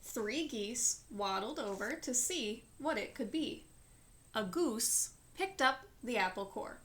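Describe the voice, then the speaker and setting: A woman reading a children's chapter book aloud in a slow, clear storytelling manner. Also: a little high, expressive, fairly bright tone, a little hiss or hum.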